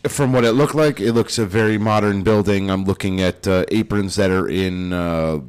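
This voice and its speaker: A man with a low voice hosts a relaxed podcast conversation. He reads each item aloud, then adds blunt, offhand commentary in a casual tone. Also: normal speed, smooth. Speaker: podcast host reading the list.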